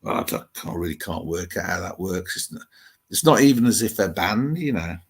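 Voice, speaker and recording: A man's voice: deep voice, expressive, a little fast, breathy edge. A middle-aged man with an English Midlands accent, hosting a live stream and chatting loosely with viewers' comments, rambling as he thinks aloud.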